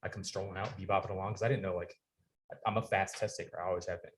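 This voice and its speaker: A man with a lowish voice tells his story at a fast clip, slipping into the voices of the people in it and swearing freely. He is a guest in a podcast studio, chatting casually. He is in his forties. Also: fairly even intonation, slight background noise. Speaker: podcast guest, retired Navy sailor.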